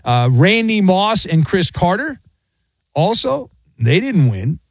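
A man hosts a sports talk show in a lively, bouncing voice that sits a little high. He riffs playfully and leans hard into sarcasm. The sound is dry and close, with no room around it. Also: slow, slightly rough, dry recording. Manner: animated, playful riffing and sarcasm.

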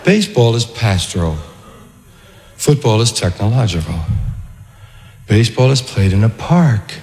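A man doing a live stand-up routine, delivering deliberate, ironic comparisons. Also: lowish voice, sing-song, darkish tone. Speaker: stand-up comedian. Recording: reverberant live hall recording.

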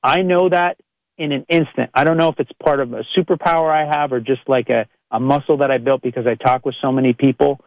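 A male chiropractor speaks in a frank, earnest motivational monologue, peppering his talk with casual "like" fillers. His voice sits at an ordinary middle pitch. The audio is dry with no room sound and slightly muffled. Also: fairly even intonation, fast, no room sound. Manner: earnest, direct, with frequent "like" fillers.

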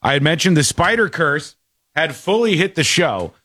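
A man's voice: fairly high pitch, sing-song, normal speed, bright, forceful tone, husky, dry recording. A man hosting a talk show, chatting casually and reading listener comments aloud from his home studio. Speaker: show host.

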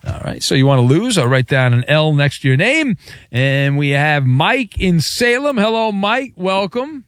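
Teasing male radio host, lively voice. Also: a little high, moderate pace, no room sound, studio quality. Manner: teasing, playful banter. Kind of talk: joking sports radio talk.

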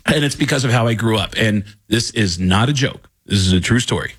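A man's voice: lowish voice, brisk, breathy edge. A man in his fifties from the Bronx, a comedian guest telling stories on a radio studio interview. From the Bronx, New York. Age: 50s. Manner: storytelling, animated, breaks into impressions. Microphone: studio microphone.

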